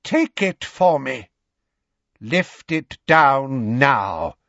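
A man voicing a cruel male dark wizard in a high, cold voice empty of kindness, speaking slowly and with menace. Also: sing-song, no echo, full character voice. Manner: slow, menacing, drawn-out. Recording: dull lo-fi recording.

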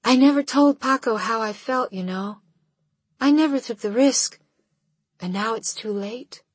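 A woman reading a quiet teenage girl who holds back sadness behind a brave front. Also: on the high side, a little slow, breathy edge, no echo. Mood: wistful. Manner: wistful, subdued.

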